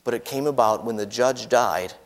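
A man preaching a sermon, reading scripture aloud and explaining it, his voice climbing for quoted lines and falling soft at the ends of phrases. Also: medium pitch, moderate pace. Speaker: pastor. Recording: long hall reverb.

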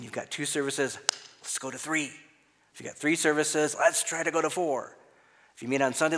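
A man's voice: medium pitch, fairly bright tone. A man preaching an expository sermon as a pastor, reading scripture aloud and then explaining its words in a conversational way. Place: church sanctuary. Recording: long hall reverb.

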